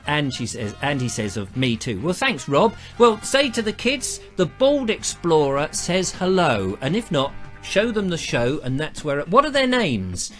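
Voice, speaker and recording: A man's voice: a little high, a bit bright. A man hosting a live online show, chatting casually and reading out viewer comments in a rambling, self-mocking way.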